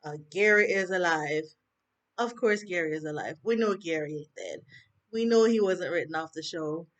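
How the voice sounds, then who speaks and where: A woman's voice: fairly low pitch, moderate pace. Chatty Jamaican woman reviewing a show. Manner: chatty, rambling, with fillers and asides. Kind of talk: casual chat.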